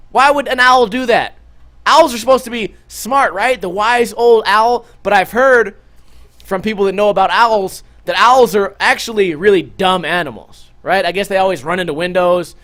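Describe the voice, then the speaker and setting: High-voiced man telling a profane story. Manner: animated, profane, with sound effects. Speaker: vlogger. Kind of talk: casual storytelling to camera.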